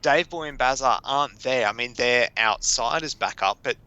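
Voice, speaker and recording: A man's voice: medium pitch, moderate pace, pushed and bright, clear, resonant tone, muffled recording. A man co-hosting a podcast, chatting casually, laughing often and acting out quotes. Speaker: podcast co-host. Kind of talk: casual chat.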